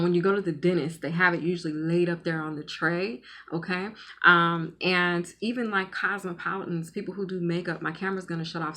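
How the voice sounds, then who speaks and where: A woman's voice: lowish voice, bright, forceful tone. A woman giving a spiritual reading in casual, rambling talk, repeating words and checking in with "okay?" often. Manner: emphatic, stretches key words. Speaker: spiritual medium and tarot reader.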